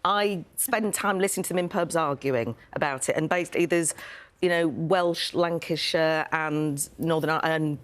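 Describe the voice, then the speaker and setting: A woman dialect coach talking as a guest in a live TV interview, lively and animated as she explains. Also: low voice, normal speed. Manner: lively, animated, breaks into demonstrations. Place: TV studio.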